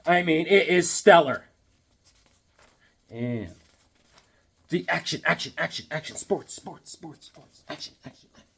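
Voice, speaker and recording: A man's voice: on the high side, measured pace, creaky, long pauses, a bit bright, slightly rough. A man hosting a casual comic book collecting vlog, playful and rambling with goofy jokes.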